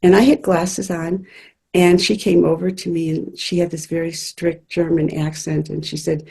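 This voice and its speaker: Woman, husky and mellow, earnest chatty storyteller, spiritual medium being interviewed. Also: on the low side, level tone, moderate pace. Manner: earnest, chatty, laughs through stories.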